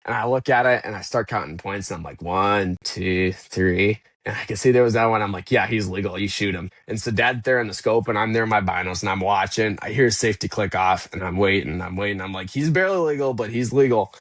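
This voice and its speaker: A man's voice: fairly low pitch, fast, few pauses, a bit bright, no echo. A man as a podcast guest who tells a story with energy and acts out his own past thoughts. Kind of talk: casual storytelling interview.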